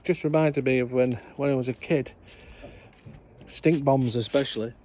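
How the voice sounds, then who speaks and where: A man's voice: medium pitch, fairly even intonation, moderate pace, slight background noise. A man casually telling funny childhood stories outdoors, laughing at his own tales. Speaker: vlog co-host. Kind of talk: casual storytelling vlog. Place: outdoors on a hot sunny day. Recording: slightly dull lo-fi sound with faint background ambience.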